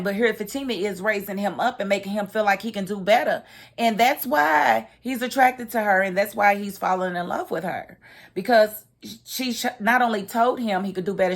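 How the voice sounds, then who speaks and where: Woman, casual TV recap, chatty, animated, laughs often. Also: medium pitch. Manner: chatty and expressive, laughs, acts out lines. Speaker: TV recap host.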